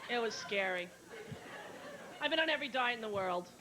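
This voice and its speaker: A woman in her thirties performing a brash, fast-moving stand-up comedy set, acting out other people's lines, with an audience laughing. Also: fairly high pitch, expressive, a loud crowd. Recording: old VHS tape with hiss.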